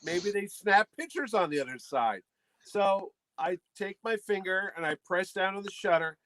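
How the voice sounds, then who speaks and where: Man, middle-aged, podcast host, casual comic storytelling, acts out quotes, fairly high pitch, dry room. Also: lively intonation, normal speed, fairly bright tone, dry recording, rough recording.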